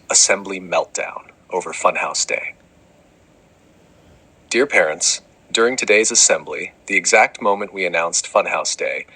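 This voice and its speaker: A man's voice: sits low, bright, forceful tone, breathy edge, low-quality recording. A man narrating comic letters to parents as a fed-up school principal, exasperated, dramatic and swearing often. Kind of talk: comedic scripted narration.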